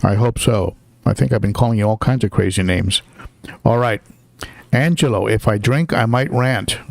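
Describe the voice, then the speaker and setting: A man's voice: fairly low pitch, moderate pace, gravelly, dry recording. An older man hosting a casual live stream, chatty, with lots of fillers and restarts while greeting viewers.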